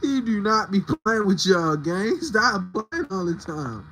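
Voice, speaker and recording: A man livestreaming in a casual, profane way, joking about being heartbroken. His voice is bright and forceful, and he talks at an unhurried pace. Faint noise hangs behind him. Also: sits high, big pitch swings, rough recording. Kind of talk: casual livestream chat to viewers.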